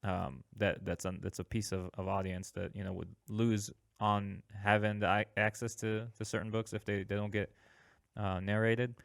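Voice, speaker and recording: A man's voice: fairly low pitch, flat delivery, normal speed, creaky, a bit bright, dry recording, studio quality. A man hosting a podcast, talking earnestly with many hesitations and frequent laughs. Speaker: podcast host. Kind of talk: casual podcast chat.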